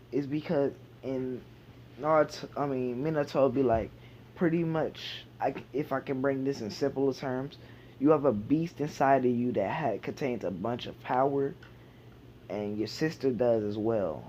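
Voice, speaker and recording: A man's voice: mid-range voice, a little slow, mellow, a little hiss or hum. A man casually retelling a fan fiction idea, rambling with many fillers and restarts. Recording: dull lo-fi home recording.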